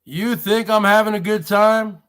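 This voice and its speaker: Male livestream host, high voice, slow delivery, repetitive rhetorical questions. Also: fairly even intonation, a bit bright, clear, resonant tone. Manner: addresses audience as folks. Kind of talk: rambling live-stream monologue.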